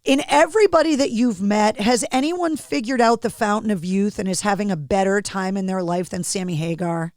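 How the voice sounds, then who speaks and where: A woman hosting a podcast, chatting casually and telling stories in a lively way. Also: medium pitch, a little fast, hardly any pauses, no echo. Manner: chatty, animated storytelling. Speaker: podcast host. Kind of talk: casual interview chat.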